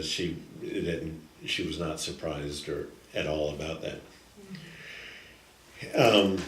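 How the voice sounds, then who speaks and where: Older man, slow halting storyteller. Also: deep voice, a little hiss or hum. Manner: slow, halting, with frequent restarts. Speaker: guest storyteller. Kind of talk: recorded personal storytelling. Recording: echoey room, distant mic, faint ambience.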